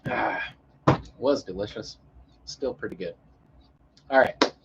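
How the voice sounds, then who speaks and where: Man, streamer, casual chat, profane, unhurried, muffled low-fi recording. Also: vocal fry, very noisy. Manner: rambling, profane, easygoing.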